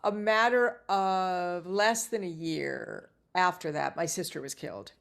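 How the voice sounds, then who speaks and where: A middle-aged actress telling lively anecdotes as a guest, acting out the dialogue she quotes. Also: lowish voice, measured pace, vocal fry. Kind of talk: casual interview storytelling.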